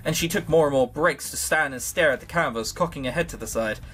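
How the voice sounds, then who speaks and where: A man's voice: a little high, fast talker, fairly bright tone, soft background music. A man reads a visual novel aloud, breaking off for sarcastic jokes and casual swearing. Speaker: let's play host. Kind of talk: reading a visual novel aloud with joking commentary.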